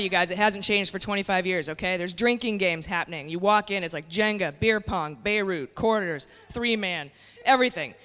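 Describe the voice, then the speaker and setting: A woman's voice: mid-range voice, fairly bright tone. A woman in her forties doing a stand-up comedy set, brash and conversational, talking straight to the crowd. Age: 40s. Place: comedy club stage. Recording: long hall reverb, faint noise.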